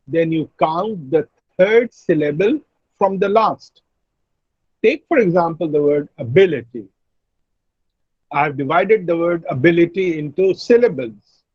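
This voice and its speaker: A husky-voiced Indian man lectures slowly and patiently over a video call. His voice sits a little high for a man and sounds dry and close. The audio is dull and lo-fi. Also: no room sound. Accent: Indian English. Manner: slow, methodical explaining, frequent throat clearing. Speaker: English teacher. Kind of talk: online class lecture.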